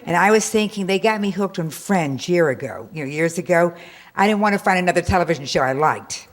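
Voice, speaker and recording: A woman's voice: lowish voice, animated, fairly quick. A middle-aged woman from the Atlanta area, an audience member talking in a rambling, effusive way. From Atlanta area, southern US.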